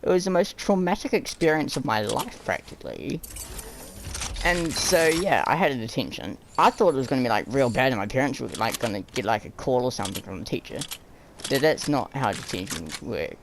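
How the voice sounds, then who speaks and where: Over a noisy background, a young man briskly tells school-day stories in a casual, rambling style packed with fillers. He acts out the people he quotes with animated high and low voices, and his own voice has vocal fry.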